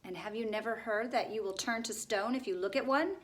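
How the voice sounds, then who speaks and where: A woman's voice: fairly high pitch, brisk, natural voice. A woman voicing a mournful male gargoyle who moans and wails. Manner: mournful, wailing.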